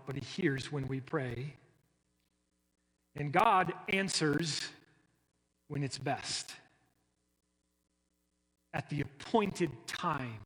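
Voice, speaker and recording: A man preaching a sermon, rising sharply on key phrases and then dropping low and soft. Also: big-room sound, low-quality recording. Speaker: pastor.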